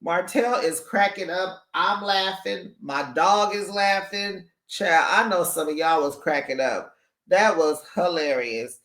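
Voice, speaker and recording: A recap YouTuber chatting casually about a reality show, laughing often and talking with lively slang into a microphone held back from the mouth. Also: medium pitch, slow pace, reverberant. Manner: laughs often, gossipy and animated, uses slang. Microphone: USB microphone held back from the mouth.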